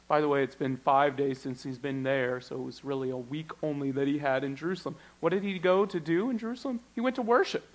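Animated high-voiced man preaching. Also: vocal fry. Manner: animated, joking, reads scripture slowly with emphasis. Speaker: teacher. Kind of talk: sermon.

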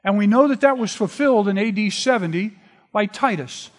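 A man preaching a sermon, retelling scripture in a relaxed, conversational storytelling way. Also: high-pitched, brisk. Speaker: pastor. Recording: long reverb of a large hall.

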